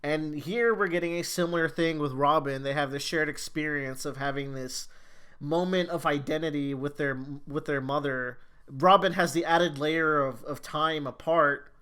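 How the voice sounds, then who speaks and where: A man's voice: a little high, normal speed, sharp tone, clean tone. A man co-hosting a casual podcast, laying out a thoughtful comparison of story themes. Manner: thoughtful, analytical. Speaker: podcast co-host. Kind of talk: casual chat about an anime.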